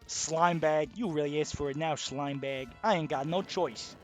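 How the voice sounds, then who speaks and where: A man voicing a gang of gruff male platypus mobsters with a tough-guy gangster drawl. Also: fairly high pitch, normal speed, faint music behind, close to an everyday voice. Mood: menacing.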